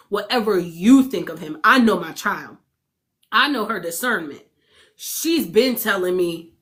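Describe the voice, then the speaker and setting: A woman's voice: fairly high pitch, a bit bright. A woman venting on her livestream in blunt, heavily profane casual talk. She is emphatic and keeps asking her viewers whether they follow her. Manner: emphatic, asks the audience for agreement. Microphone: streaming setup.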